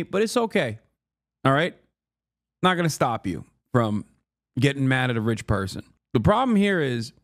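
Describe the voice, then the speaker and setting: A male streamer reacting live, his mid-range voice heated and emphatic. He swears freely and repeats his points with rhetorical questions. The sound is dry and close, with no room echo. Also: medium pitch.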